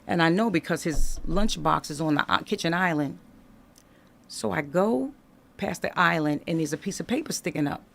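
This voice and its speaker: Animated woman with a gravelly edge. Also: fairly low pitch, moderate pace. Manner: animated, conversational, acts out dialogue in her retelling. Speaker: guest telling her life story. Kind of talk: candid storytelling in a podcast interview.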